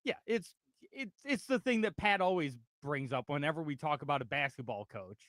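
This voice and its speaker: A man with a slightly high voice hosts a casual sports radio talk show, lively and animated as he talks easily and reads out chat comments. He speaks briskly, and the audio is dry and close with no room sound.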